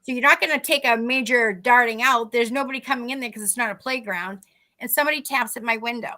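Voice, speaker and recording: Woman, podcast co-host, bright voice, slightly high, animated storyteller. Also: fast talker. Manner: animated, acts out quoted dialogue. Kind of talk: casual storytelling.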